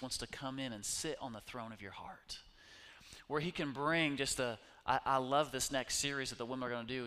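A man preaching a sermon as pastor, his delivery swinging from hushed whispers to loud, urgent bursts. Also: mid-range voice, long reverb tail.

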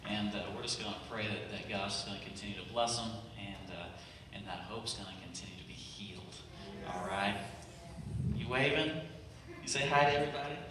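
A man's voice: on the low side, fairly quick. A man leading a church service as pastor, upbeat, casual and encouraging as he brings people up to pray. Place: large church hall. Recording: echoey church hall with congregation noise, far from mic.

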